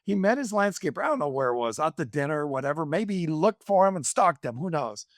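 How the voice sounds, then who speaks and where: A man hosting a podcast, his voice sitting slightly high for a man. He retells a story with enthusiastic, rambling asides. The recording is close and dry. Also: big pitch swings, fairly quick, no echo. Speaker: podcast host. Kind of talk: casual interview.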